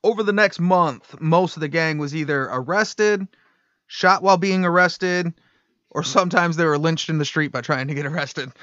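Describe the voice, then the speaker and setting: A man with a somewhat high voice, narrating the story for his podcast co-hosts in a loose, easygoing way, laughing along and swearing casually. The recording is dry and slightly dull. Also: normal speed, bright, forceful tone, dry recording. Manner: laid-back, laughs often, swears casually.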